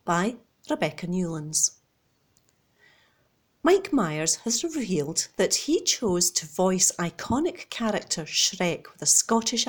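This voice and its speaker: A woman volunteer reading newspaper articles aloud in a steady, measured way, recorded at home. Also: lowish voice.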